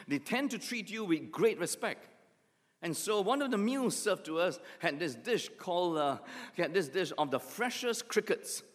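A man preaching a sermon as pastor, telling stories with lively acted asides. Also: mid-range voice. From Singapore. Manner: animated storytelling with acted asides. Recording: long hall reverb.

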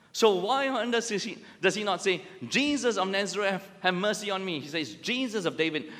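A man preaching a sermon, emphatic and full of rhetorical questions. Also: a bit bright. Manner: emphatic, rhetorical questions, rises and drops in pitch. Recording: long hall reverb.

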